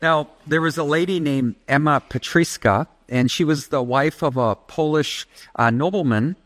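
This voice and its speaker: A man's voice: a little high, no echo. A man preaching a sermon as pastor, emphatic, leading the congregation in call-and-response.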